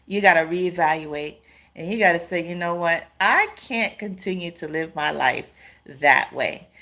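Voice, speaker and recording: A woman's voice: fairly low pitch, a bit bright. A woman hosting a casual live stream, reading viewer comments aloud, laughing often and calling her viewers "y'all" and "honey".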